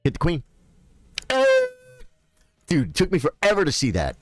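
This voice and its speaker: A man streaming chess, chatting casually with viewers and thinking out loud about his games. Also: fairly high pitch, very animated, fast talker, soft background music. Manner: chatty, thinks aloud, addresses viewers directly. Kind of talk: casual live-stream commentary.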